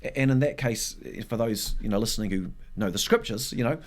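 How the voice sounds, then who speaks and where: A man's voice: mid-range voice, brisk. A man answering as a guest in a podcast interview, explaining earnestly in a teaching tone and repeating words as he thinks. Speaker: evangelism ministry guest.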